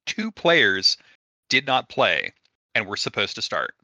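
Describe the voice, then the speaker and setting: A man co-hosts a casual chat in a lowish voice with a very sharp, forceful edge. He runs through the scores in a wry, matter-of-fact way. The sound is dry, with no room echo. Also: huge pitch swings, slow. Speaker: co-host.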